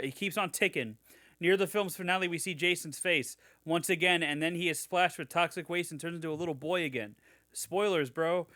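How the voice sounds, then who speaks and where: Sarcastic man reading reviews, bright voice. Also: on the high side, no echo, studio quality. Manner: sarcastic, swears, mock-enthusiastic reading. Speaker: podcast co-host. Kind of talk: casual chat, reading reviews aloud.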